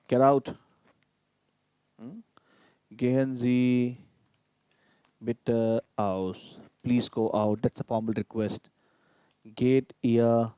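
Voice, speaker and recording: A man's voice: medium pitch, warm tone, clean tone, dry recording. A man teaching a live online grammar lesson, explaining patiently and repeating each example. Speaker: language teacher.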